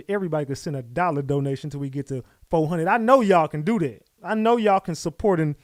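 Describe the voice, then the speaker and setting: A man hosting a casual livestream, loose and chatty, giving repeated shout-outs to his viewers. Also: on the high side, no echo. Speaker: livestream host.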